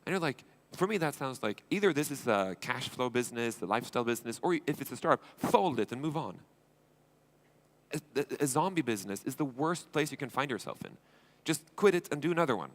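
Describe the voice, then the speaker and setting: A man's voice: mid-range voice, very animated, fast talker. A man from Sweden, giving a blunt, informal conference talk as an entrepreneur and investor, acting out dialogues and swearing. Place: conference stage.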